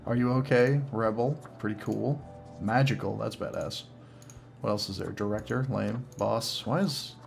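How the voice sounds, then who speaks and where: Sarcastic Boston guy with a gravelly voice. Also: fairly low pitch, moderate pace, faint music behind. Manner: joking, sarcastic. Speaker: gamer. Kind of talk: gaming commentary.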